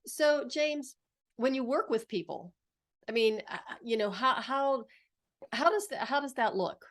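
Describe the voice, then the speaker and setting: A woman's voice: fairly high pitch, expressive, unhurried, fairly bright tone. A woman hosting a podcast, asking questions hesitantly with many fillers. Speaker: podcast host. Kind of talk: interview questions.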